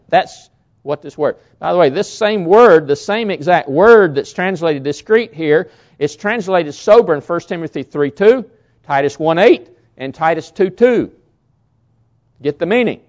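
A male pastor preaching a sermon with emphasis, repeating key words and swinging between loud lines and hushed ones. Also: high-pitched, highs cut off.

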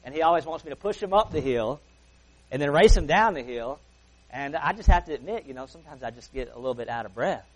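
An earnest male preacher with a voice on the higher side delivers a sermon at a church service. He leans hard into key words, then sinks into quiet, softer phrases, and drops in folksy asides along the way. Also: lively intonation, fast talker, poor audio.

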